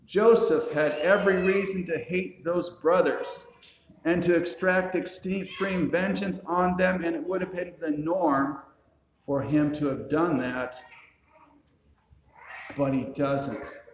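A man's voice: on the high side, a little hiss or hum. Man preaching in an echoey room. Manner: storytelling preacher, dry asides. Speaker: pastor. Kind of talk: sermon.

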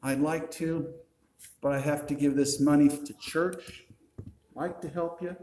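A man's voice: fairly high pitch, fairly even intonation, measured pace, warm tone, a little hiss or hum, close to an everyday voice. A man voicing a grown son who makes apologetic excuses to his parents for not helping them. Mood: sheepish. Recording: roomy echo.

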